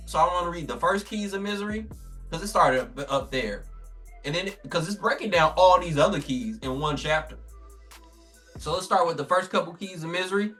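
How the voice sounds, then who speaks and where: Guy breaking down scripture in street talk, bright sharp voice, kinda high, mic a bit far off. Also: brisk, faint music behind. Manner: reads scripture aloud, then explains it in casual street slang; animated, acts out quoted voices. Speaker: minister teaching scripture. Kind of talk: informal religious teaching.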